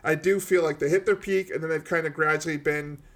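A man's voice: a little high, fairly even intonation, fairly quick, gravelly. A man co-hosting a music podcast, talking casually with many likes and restarts. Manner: rambling, lots of fillers and restarts. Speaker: podcast co-host. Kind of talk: casual chat.

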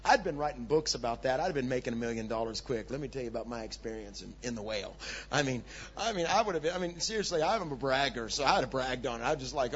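A man preaching a sermon, swinging from low, hushed asides to loud, urgent peaks. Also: animated, quick pace, highs cut off, a little hiss or hum. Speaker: pastor.

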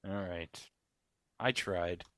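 Podcast guy cracking jokes, really bright voice, dry close sound. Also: deep voice, very slow, no echo. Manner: joking, trails off quietly. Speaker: podcast co-host. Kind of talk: casual chat.

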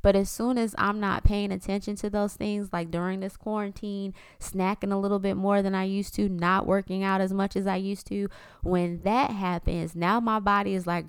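A woman in her thirties talks openly on her faith podcast, slipping into little voices for her own thoughts. Her voice is smooth and clear at a middle pitch. The recording is close and dry. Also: fairly even intonation, moderate pace, no echo. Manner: candid, conversational, acts out her inner voices. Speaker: podcast host. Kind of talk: faith-based podcast talk.

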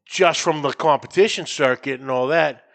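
A man's voice: on the high side, normal speed, vocal fry, fairly bright tone. A man from New England co-hosting a barbecue podcast, chatting casually and rambling with repeated words. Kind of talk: casual chat.

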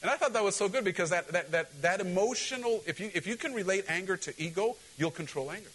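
A male pastor preaching a sermon in an animated, joking way, often asking the congregation questions. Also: high-pitched, fast, breathy edge, rough recording.

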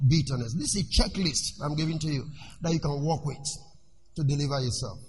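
A male preacher giving a sermon in an animated way. He asks the congregation questions and lets them finish his sentences. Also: on the high side, brisk. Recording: echoey hall with faint noise.

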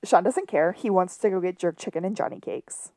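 A woman co-hosting a podcast, recapping a TV episode in casual chat and acting out quick lines from scenes. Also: fairly low pitch, a little mellow, no room sound. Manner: chatty, retells scenes with quick quoted lines. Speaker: podcast co-host.

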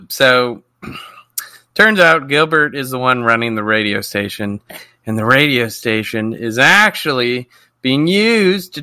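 A man's voice: on the high side, sharp tone, smooth, no room sound. A man co-hosting a podcast, casually recapping a TV episode, swearing freely and acting out the characters' lines. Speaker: podcast co-host.

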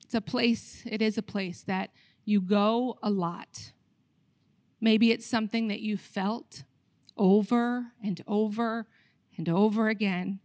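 A woman pastor preaching a sermon, telling the story with animated acted-out voices of the people. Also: medium pitch, slow pace, no echo, studio quality.

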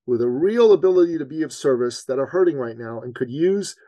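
Guy on a podcast telling a story, earnest, gets animated, super dry close sound. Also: fairly high pitch, a little fast, no echo. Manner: animated storyteller, acts out his own panic; earnest, faith-minded. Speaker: business coach guest.

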